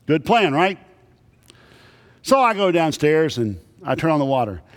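High-voiced preacher in a big hall. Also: male voice, big pitch swings, unhurried. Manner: folksy storytelling with humor. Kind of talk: sermon. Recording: long reverb of a big hall.

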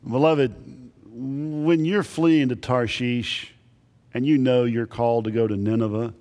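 A male pastor preaching a sermon with emphatic delivery and dramatic pauses, dropping low on his key lines. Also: darkish tone. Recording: long reverb in large hall.

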